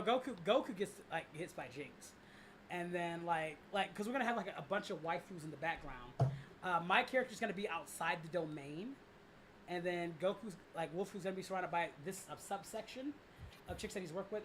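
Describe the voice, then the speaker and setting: A young man chats on his livestream in a rambling, unguarded way, full of restarts and casual swearing. His voice sits high and sounds bright and forward, with faint background noise on the mic. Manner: rambling, lots of fillers and restarts, swears freely. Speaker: livestream host and voice director.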